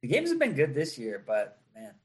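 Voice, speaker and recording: A man is a guest on a podcast, talking easily and laughing often. His voice sits at a middling pitch. He sounds relaxed and unhurried throughout. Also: breathy edge. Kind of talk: casual chat.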